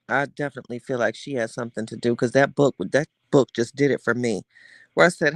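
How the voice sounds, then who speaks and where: Reading off the live chat, this gossip podcast host talks to his audience directly, sassy and theatrical, stretching his stories out. He has a mid-range voice, and the clean studio recording carries no room sound.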